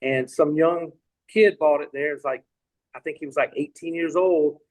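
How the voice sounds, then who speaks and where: Speaking at normal speed in a slightly high, steady, darkish voice, a middle-aged Tennessee man tells a long, rambling anecdote as a podcast guest. The casual story is full of restarts and asides, and the recording is low quality.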